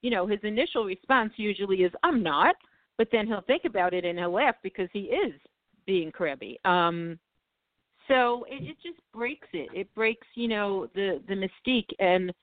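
A woman's voice: medium pitch, normal speed, dry recording. A woman speaks as a guest in a casual conversation, reflective and agreeable. Her voice comes through a dry, tinny line, with no room sound around it. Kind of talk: casual chat.

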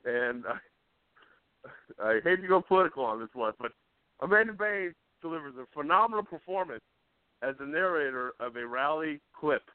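A man's voice: on the high side, expressive, normal speed, clean tone, dry recording. A man co-hosting a radio show, chatting casually, rambling and laughing as he talks. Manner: rambling, laughs often, restarts. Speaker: co-host. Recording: tinny phone-like sound.

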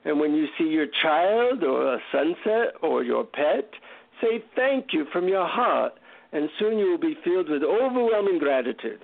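A man's voice: fairly high pitch, sing-song, moderate pace, gravelly, heavily acted. A man doing a wise old Indian guru. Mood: earnest. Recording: tinny phone line.

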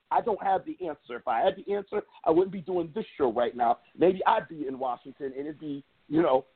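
A man's voice: high voice, breathy edge. Passionate man over a tinny line. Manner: passionate, storytelling, emphatic. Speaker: podcast co-host. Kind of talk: casual chat. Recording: tinny phone-like sound.

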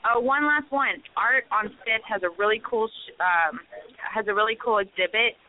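A woman chatting about local events as a radio guest, upbeat and hurried with lots of fillers. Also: a little high, slight background noise. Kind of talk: casual radio chat. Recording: phone-like line.

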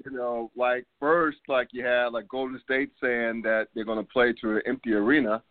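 A man's voice: mid-range voice, steady tone, moderate pace, no room sound. A man in his fifties hosting a casual sports talk show, loose and rambling, full of fillers and laughs. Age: 50s. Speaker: podcast host. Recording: phone-like line, dry sound.

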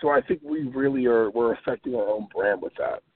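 A man's voice: mid-range voice, fairly quick, slightly rough, no echo. A man guest on a podcast interview, talking in an emphatic, plain-spoken way and repeating himself for stress. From New Jersey. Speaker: wrestler and former football player, guest. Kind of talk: podcast interview over the phone. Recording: tinny phone line.

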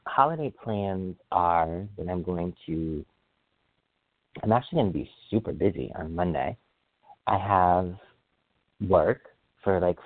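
Excitable man, deep voice, phone-like sound. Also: dry recording. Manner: excitable, rambling, quick to apologize. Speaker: podcast host. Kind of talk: casual solo podcast chat.

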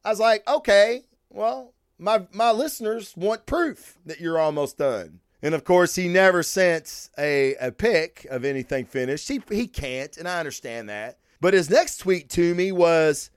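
A man hosting a casual podcast, telling stories in an animated, heavily profane rant. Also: high voice, a little slow, hardly any pauses, clean tone, no echo, studio quality. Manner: profane, animated storytelling with frequent swearing. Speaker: podcast host.

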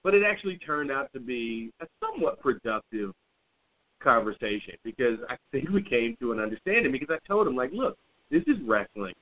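A man co-hosting a podcast, telling a story in casual chat with blunt, profane, animated delivery. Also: medium pitch, a little fast. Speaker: podcast co-host. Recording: tinny phone-like audio.

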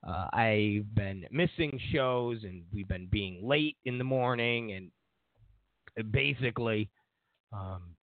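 A man hosts a political commentary show, rambling off on digressions with a sarcastic edge. His lowish voice is slow, and the recording is dry and tinny like a phone, with no echo.

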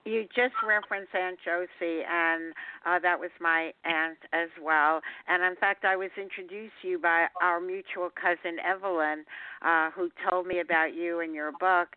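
A man's voice: sits high, steady tone, normal speed, clean tone, dry recording. A man hosting a radio show, speaking in a friendly, slightly hesitant way. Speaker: radio host. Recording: thin dry phone-like sound.

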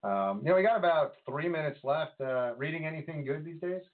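A man co-hosting a casual podcast, talking politics in an animated, rambling way with lots of fillers and restarts. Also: on the high side, fairly quick. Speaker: podcast co-host. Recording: phone-like lo-fi line.

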